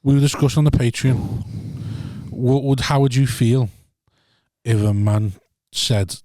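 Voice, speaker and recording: A man's voice: mid-range voice, measured pace, dark tone, dry recording, clean studio sound. A man, co-hosting a podcast in casual, jokey banter. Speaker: podcast co-host. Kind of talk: casual chat.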